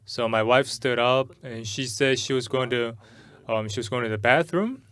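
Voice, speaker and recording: A middle-aged man preaching a sermon in English at a church service. He tells a personal story in a halting way, often repeating and restarting words. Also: mid-range voice, a bit bright. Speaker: pastor.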